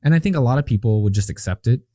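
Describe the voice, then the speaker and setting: A man, a guest entrepreneur on an interview podcast, telling stories in an animated, emphatic way. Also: medium pitch, rapid-fire, no echo, clean studio sound. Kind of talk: conversational interview.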